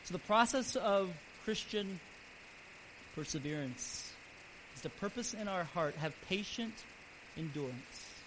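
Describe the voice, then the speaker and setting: A man pastor preaching a sermon earnestly, his voice swelling louder and then dropping soft. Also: high-pitched, measured pace. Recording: steady background hiss.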